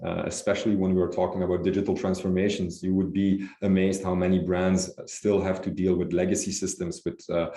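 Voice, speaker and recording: A man, a company executive, answering interview questions in a measured way with frequent fillers and restarts. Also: low voice, dark tone, echoey room. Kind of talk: business interview.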